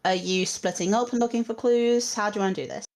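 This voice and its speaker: A woman narrating as game master on a video call, slow and hesitant with many pauses and ums. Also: medium pitch, steady tone, a little mellow. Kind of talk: narrating a tabletop game online.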